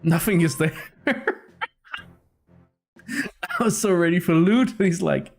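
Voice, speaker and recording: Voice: medium pitch, animated, fairly quick, creaky, breathy edge, soft background music. A streamer chatting casually while playing a game, laid-back and giggly, rambling through thoughts. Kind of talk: casual let's-play commentary.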